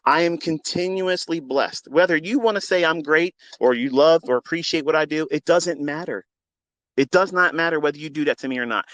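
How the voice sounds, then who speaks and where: Speaking into a phone, a middle-aged trading mentor delivers a fervent, preachy monologue blending faith with casual swearing. His voice is on the high side and a bit bright, recorded with no room sound.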